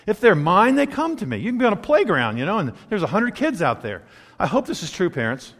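A pastor preaching a sermon, animated and chuckling between points as he acts out quotes. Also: sits high, a little fast. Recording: long hall reverb.

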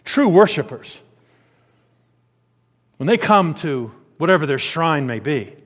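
A man delivers a sermon in a high voice. He moves between hushed, low-pitched asides and loud, emphatic declarations. The sound carries a long reverb, like a large church hall. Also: lively intonation, slow pace, long pauses, breathy edge. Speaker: preacher.

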